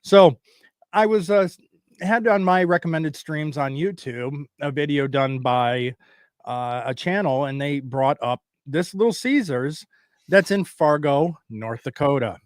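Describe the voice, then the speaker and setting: A man hosting a casual podcast rambles loosely while setting up a comedy bit, in a fairly high voice at a slightly slow pace. The sound is clean studio audio with no echo.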